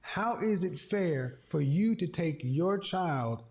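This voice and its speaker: A man with a high voice lectures a caller bluntly on an advice show. His manner is confrontational and he swears freely. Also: lively intonation, slow, creaky, darkish tone. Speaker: relationship talk show host.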